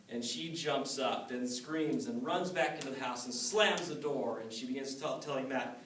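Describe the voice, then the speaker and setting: A man telling a folk tale aloud in an animated way, with spoken sound effects, recorded from a distance in a roomy space. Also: medium pitch, moderate pace. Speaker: storyteller. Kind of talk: oral storytelling.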